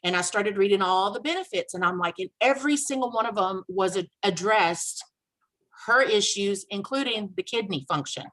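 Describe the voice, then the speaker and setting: A woman casually telling a personal story on a video call, animated and acting out the dialogue she quotes. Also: medium pitch, normal speed, low-quality recording. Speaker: guest sharing a testimonial.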